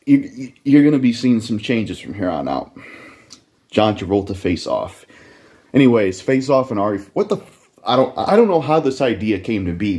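A man's voice: mid-range voice, darkish tone. A man talking off the cuff in a loose, rambling way, full of fillers and swearing. He jumps between half-finished thoughts and laughs at himself. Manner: rambling, profane, self-deprecating, with many fillers. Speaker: gaming youtuber. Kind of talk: casual rambling monologue.

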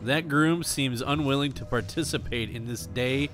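A man's voice: mid-range voice, moderate pace, few pauses, fairly bright tone, faint music behind. A man doing let's play commentary, joking and putting on mock-pompous asides. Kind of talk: gameplay commentary.

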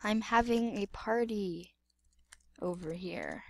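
A woman's voice: medium pitch, slow pace, gravelly. A woman giving playful, dramatic gameplay commentary, exclaiming and repeating words. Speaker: gamer.

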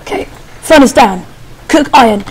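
A woman's voice: on the high side, animated, normal speed, slight background noise, rough recording. A woman talking casually to herself while playing a video game, muttering as she goes. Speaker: gaming channel host. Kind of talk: casual let's-play commentary.

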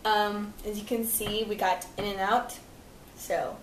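A woman's voice: medium pitch, fairly even intonation, slow. A woman vlogging, talking casually over a meal in a chatty way and laughing easily. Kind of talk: casual mukbang chat. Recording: distant echoey recording with faint noise.

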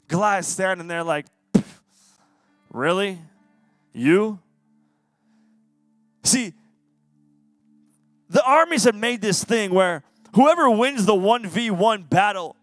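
A man giving an energetic, casual, jokey youth sermon as a youth pastor. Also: sits high, no echo. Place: youth service hall.

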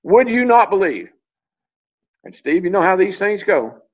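A man's voice: sits high, sing-song, unhurried, poor audio. An older man from Tennessee, telling long anecdotes as a guest on a video call interview, full of restarts and fillers. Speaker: interview guest, retired racing driver.

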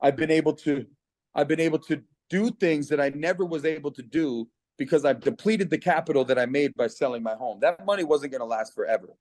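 A middle-aged man from Canada talks on a video call, earnest and persuasive, his fairly high voice catching with feeling. The sound is close and dry, with no room around it. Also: a little fast, a little mellow, dry recording. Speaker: guest giving a testimonial. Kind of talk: personal testimonial on a video call.

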